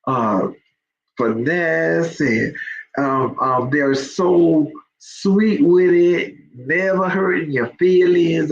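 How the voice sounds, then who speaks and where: A woman's voice: low-pitched, dull audio, a little hiss or hum. A woman hosting a live faith talk for online listeners. She speaks conversationally with many ums and builds into emphatic exhortation.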